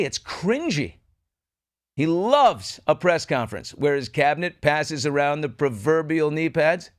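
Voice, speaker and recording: A middle-aged male host riffs with sardonic, animated energy. His voice sits fairly high for a man. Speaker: talk show host. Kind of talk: casual political commentary.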